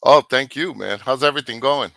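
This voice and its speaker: A man joining a livestream as a guest, giving short, relaxed answers. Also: mid-range voice, fairly quick, creaky, dry recording. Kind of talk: casual chat.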